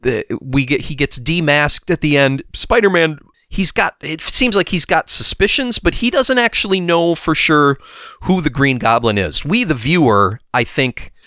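Guy cohosting a chat show, lots of restarts and mm-hmms, smooth voice. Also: fairly high pitch, expressive, moderate pace, pushed and bright, no room sound, clean studio sound. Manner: chatty, hesitant restarts, frequent affirmations. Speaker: podcast co-host. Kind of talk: casual chat.

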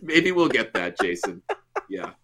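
A man co-hosting a podcast, chatting casually with a lot of jokes and laughter. His voice swings up and down a lot and sounds bright and forward. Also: fairly low pitch, big pitch swings, a little slow. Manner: jokey, laughs often, riffs on bits. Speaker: podcast co-host. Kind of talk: casual chat.

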